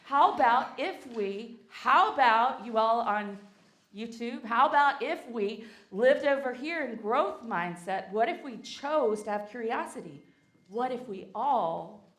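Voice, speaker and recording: A woman guest speaker with a Southern US accent gives a playful sermon in a church sanctuary, leading the congregation in call-and-response as they repeat phrases with her. Her voice is on the high side, animated, and fairly bright, at a measured pace. The recording echoes with the sanctuary.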